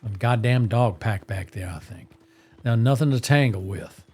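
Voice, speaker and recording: A man's voice: fairly low pitch, normal speed, a little mellow, breathy edge, soft background music. A man streaming a western role-play game, chatting in a rambling, playful way and talking to his horse while staying in character. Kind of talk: casual chat while role-playing in a game.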